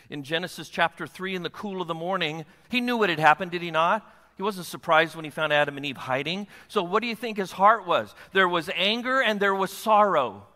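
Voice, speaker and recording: Pastor guy preaching, bright sharp voice, keeps asking the room questions, long church-hall echo. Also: high-pitched. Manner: asks the congregation frequent rhetorical questions. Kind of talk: sermon.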